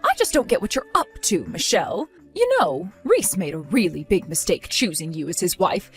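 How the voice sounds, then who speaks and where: A woman's voice: on the low side, very animated, moderate pace, faint music behind, voice pushed down. A woman voicing a harsh, accusing middle-aged mother-in-law in a text-story drama, cutting and contemptuous. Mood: scolding.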